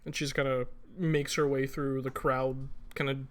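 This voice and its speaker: A man's voice: medium pitch, little pitch movement, moderate pace. A man narrating a tabletop game as game master, casual and hesitant, full of fillers.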